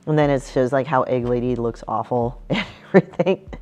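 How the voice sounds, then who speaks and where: In a lo-fi clip, a woman with an extremely low, slightly mellow voice talks a little fast about her book. She's a comic artist, casual, blunt and profane, and she often performs quotes from people in her stories in other voices.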